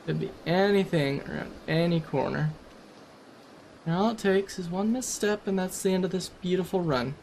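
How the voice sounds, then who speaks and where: A man talks through a survival game in a relaxed, rambling way, joking at his own expense. His voice sits a bit high for a man, with a faint hiss of noise behind it. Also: normal speed, creaky. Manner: chatty, self-deprecating, rambling. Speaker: game commentator. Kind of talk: casual gameplay commentary.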